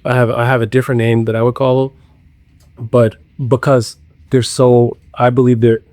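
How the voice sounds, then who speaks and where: A man guests on a podcast, talking earnestly and openly through his own routines. He tells his stories at an everyday middle pitch and is quick to poke fun at himself. The sound is dry and close, with no room echo. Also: little pitch movement, a little mellow. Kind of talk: casual interview chat.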